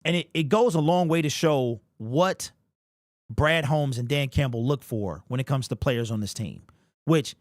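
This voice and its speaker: A man's voice: mid-range voice, no room sound, studio quality. A man hosting a live sports talk stream, speaking emphatically and with emotion, reading comments from the chat. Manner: emphatic, emotional, talks straight to the player. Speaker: sports show host.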